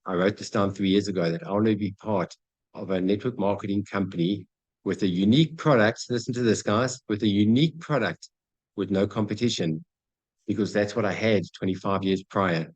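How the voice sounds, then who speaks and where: A man's voice: fairly low pitch, a little fast, slightly rough, rough recording. A man giving a motivational talk on goal setting, addressing his audience directly and acting out little scenes. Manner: energetic, acts out dialogue, addresses audience as guys. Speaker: motivational speaker.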